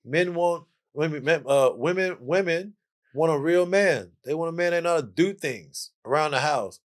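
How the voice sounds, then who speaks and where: A man's voice: on the high side, expressive, normal speed. A man, lecturing in a playful way as a podcast guest and asking "okay?" between points. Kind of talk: casual chat.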